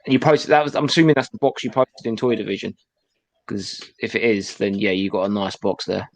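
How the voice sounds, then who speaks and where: A man's voice: lowish voice, fairly even intonation, fairly quick, no room sound. A man chatting casually about toys in an easygoing, agreeable way. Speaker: toy stream co-host. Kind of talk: casual chat.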